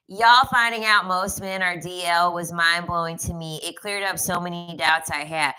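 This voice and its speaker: A woman's voice: fairly low pitch, fairly even intonation, normal speed, few pauses, bright, forceful tone, smooth, low-quality recording. A woman giving a casual commentary rant, sassy and emphatic, often repeating her lines for effect. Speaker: commentary vlogger.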